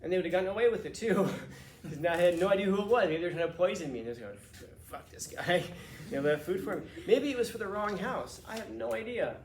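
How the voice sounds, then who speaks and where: A man teaching a class, telling a casual, animated story with restarts and laughs. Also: sits high, quick pace, roomy sound, a little hiss or hum.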